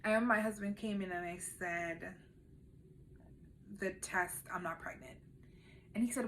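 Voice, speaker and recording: A woman vlogger candidly telling a personal story at home, emotional and at times quiet and subdued. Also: medium pitch, moderate pace, a little hiss or hum.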